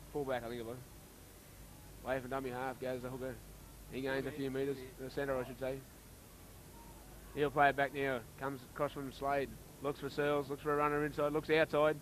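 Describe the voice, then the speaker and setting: An Australian man giving casual, chatty commentary on a local rugby league match, getting excited when play heats up. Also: medium pitch, slight background noise, low-quality recording.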